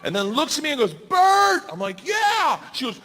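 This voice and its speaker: Loud high-pitched man doing stand-up. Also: racing. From United States. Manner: loud, animated, acts out characters. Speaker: stand-up comedian. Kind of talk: stand-up storytelling. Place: comedy club stage. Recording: live club set with crowd noise. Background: laughing crowd.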